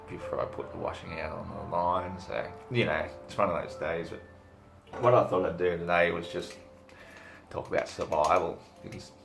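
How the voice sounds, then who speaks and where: An Australian man giving a crude, rambling comic monologue to camera, swearing freely with deadpan humor. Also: low-pitched, gravelly. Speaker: vlogger.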